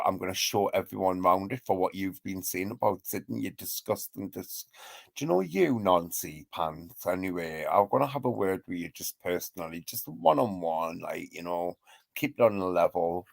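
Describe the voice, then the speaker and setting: A man's voice: low voice, gravelly, dry recording. A man hosting a live stream, ranting and trading insults in a mocking gossip style, laughing often.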